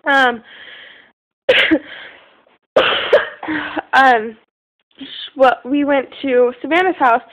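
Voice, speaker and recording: A woman's voice: high voice, extremely slow, pauses often, fairly bright tone, poor audio. A young woman telling a rambling story in casual talk, full of fillers and the odd swear word, recorded on a phone. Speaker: vlogger.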